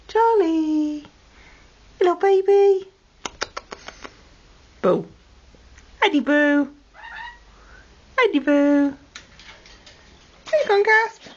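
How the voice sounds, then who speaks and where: A woman talks baby talk to her pet parrots at home, coaxing them and scolding them fondly. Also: sits high. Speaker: pet owner. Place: home room with parrot cages. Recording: lo-fi 2008 home video with faint noise.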